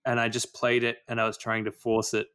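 A man's voice: mid-range voice, completely flat delivery, a little fast, fairly bright tone, smooth. Sweary ranting man. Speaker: podcast co-host. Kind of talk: casual chat about video games.

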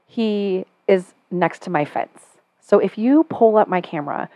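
A middle-aged woman hosting a casual podcast chat, telling a story with animated, sarcastic energy and getting louder as she goes. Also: mid-range voice, measured pace, no echo, highs cut off. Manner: animated storytelling, sarcastic when quoting herself.

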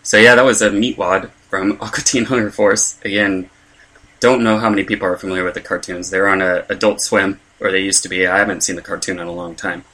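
A man's voice: deep voice, steady tone, a little fast, bright, forceful tone. A young man, a stand-up comedian, rambling through a casual podcast monologue with lots of fillers and self-deprecating asides.

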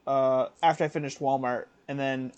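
The audio is dull as a young podcast co-host in his twenties, with a mid-range, slightly mellow voice and a steady tone, tells a story at normal speed. It's a casual show, and he rambles with fillers, self-corrections, and frequent laughter.

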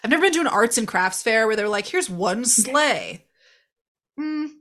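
A woman's voice: a little high, animated, fast, a bit bright. A woman co-hosting a podcast, chatting casually and animatedly about a movie, laughing and swearing as she acts out the characters. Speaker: podcast co-host reviewing a movie. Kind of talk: casual chat.

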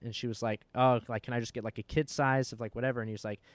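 Young guy on a podcast, talks super fast, swears a lot, dry close sound. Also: medium pitch, fairly even intonation, no echo. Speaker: podcast host. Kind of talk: casual storytelling chat.

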